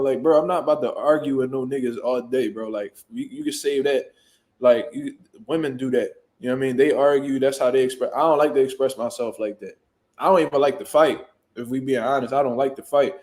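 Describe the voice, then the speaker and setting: A man, a boxing trainer, telling a story in casual, profane, animated talk and loudly acting out what people said. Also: mid-range voice, fast talker. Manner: profane, animated, jumps into loud acted-out quotes.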